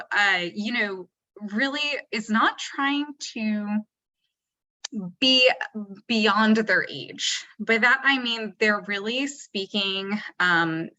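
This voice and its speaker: A woman admission officer giving a measured webinar talk, pausing with fillers. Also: mid-range voice, bright, forceful tone, dry recording, rough recording. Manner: thoughtful, measured, with frequent fillers. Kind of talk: webinar presentation.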